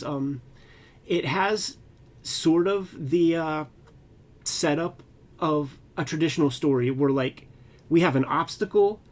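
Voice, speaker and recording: Animated, profane cartoonist co-host. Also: male voice, on the high side. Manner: animated, loose and profane, with slangy asides. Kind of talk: casual chat about comics.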